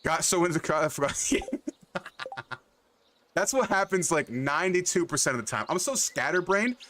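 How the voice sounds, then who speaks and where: A man's voice: on the high side, lively intonation, fast talker, fairly bright tone, slight background noise. A young man hosting a game livestream, chatting loosely with viewers by name, rambling, repeating himself and swearing freely. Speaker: livestream host. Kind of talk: casual chat with live chat.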